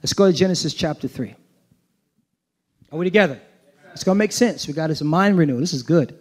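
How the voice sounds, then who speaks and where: A man preaching a sermon in a notably high voice. He is emphatic and casual, mixing slang with scripture and checking in with his listeners as he goes. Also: brisk, a little mellow. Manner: emphatic, engaging the congregation with call-and-response asides. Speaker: pastor.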